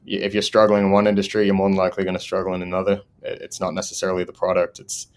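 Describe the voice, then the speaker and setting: Male guest, deep monotone, fast delivery, faint noise.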